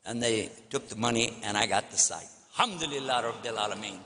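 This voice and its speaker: A man's voice: lowish voice, a little fast, very noisy. An older man with a Texan accent giving a public lecture as a preacher, telling stories in a folksy way and acting out phone calls. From Texas, United States. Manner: folksy storytelling, acts out phone dialogue. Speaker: Islamic preacher. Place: large convention hall. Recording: long hall reverb.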